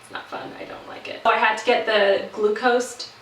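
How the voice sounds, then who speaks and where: A woman's voice: on the high side, fairly even intonation, moderate pace, a bit bright, far from the mic, a little hiss or hum. Chatty young woman in a roomy space. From Canada. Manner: chatty, rambling, many fillers and restarts. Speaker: vlogger. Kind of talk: casual pregnancy update vlog. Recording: roomy echo, voice set back from the mic.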